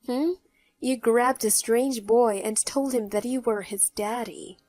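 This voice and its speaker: Woman narrator for a first-person story; mellow, mocking edge. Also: on the high side, a little slow, dry recording. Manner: mocking, even-toned. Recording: faint background music.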